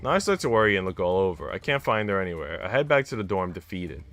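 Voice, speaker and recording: A man streaming himself reading a visual novel aloud, expressive and reacting out loud between lines. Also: low-pitched, quick pace, faint music behind. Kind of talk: dramatic read-aloud with commentary.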